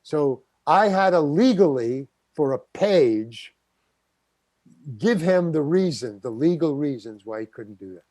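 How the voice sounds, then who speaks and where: A man's voice: fairly high pitch, animated, measured pace, a little mellow, no room sound. An older man, a guest actor, telling a story in an interview and acting out the quotes. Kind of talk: anecdotal storytelling.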